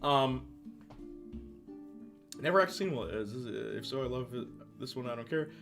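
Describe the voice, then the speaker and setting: A young man streaming casual commentary, animated, laughing often and answering chat. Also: mid-range voice, normal speed, music in the background.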